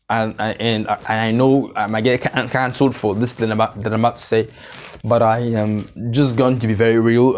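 A man preaching a sermon, slow and emphatic in scripture, then joking and confessional with the congregation. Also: mid-range voice, slight background noise. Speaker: pastor. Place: church service, streamed online.

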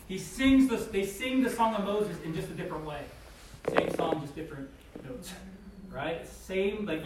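A man giving a casual Bible teaching, talking conversationally with many "like" and "right?" asides. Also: a little high. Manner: acts out voices in quotes. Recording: very echoey room, distant mic, faint noise.

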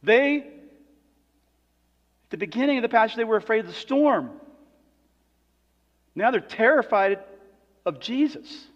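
A man delivering a sermon as pastor, moving between quiet reflective passages and loud, emphatic preaching. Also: extremely high pitch, lively intonation, measured pace, pauses often. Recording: dull sound with long hall reverb.

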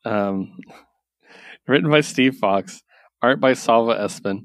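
A man co-hosting a casual podcast, recapping a story with animated storytelling and filler words. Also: medium pitch, takes it slowly, smooth, no echo, studio quality. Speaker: podcast co-host, comic reviewer. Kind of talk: casual chat.

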